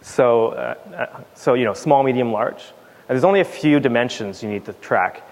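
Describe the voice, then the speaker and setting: A man's voice: mid-range voice, moderate pace, gravelly, darkish tone. A man giving a casual conference talk on stage, emphatic and fond of repeating words for stress. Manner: casual with fillers and restarts. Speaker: conference speaker. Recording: long hall reverb.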